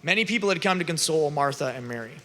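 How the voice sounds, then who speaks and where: A high, bright male voice delivering a lively, joking sermon to young people. He retells the scripture story and slips into playful character voices. The sound carries a long echo from a large hall. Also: very fast. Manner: animated, joking, acts out characters. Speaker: youth conference speaker. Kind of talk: humorous preaching and scripture storytelling. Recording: long reverb of a large venue.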